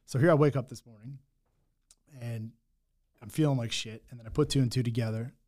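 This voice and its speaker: A man's voice: medium pitch, steady tone, brisk, a little mellow. Blunt man telling a raw personal story. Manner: raw, blunt, swears often, many restarts. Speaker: guest telling his story.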